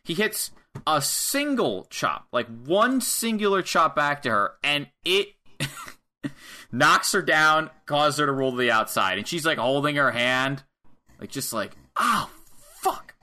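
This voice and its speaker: Bright-voiced man recapping a wrestling match. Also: a little high, animated, a little slow. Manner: laughing, acts out wrestlers' lines. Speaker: podcast co-host. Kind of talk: casual wrestling recap chat.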